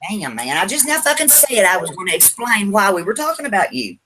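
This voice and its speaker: A woman's voice: medium pitch, very animated, a little fast, noisy background. A woman arguing bluntly in an online group chat, swearing freely and demanding answers. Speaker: participant in an online group hangout. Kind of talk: heated casual argument.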